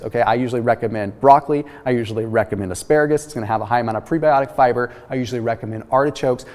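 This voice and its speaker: A man talks through nutrition science with energy and emphasis, pausing to check in with his viewers. His voice sits at an ordinary middle pitch. A long reverb trails behind his words. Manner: energetic, emphatic, with frequent "okay?" check-ins. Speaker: host. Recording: reverberant room with long echo.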